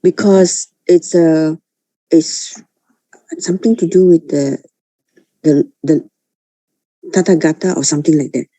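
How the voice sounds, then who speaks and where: A woman's voice: low voice, unhurried, pauses often, dark tone, no echo. A woman student asking her teacher a question in class, hesitant and restarting her sentences often.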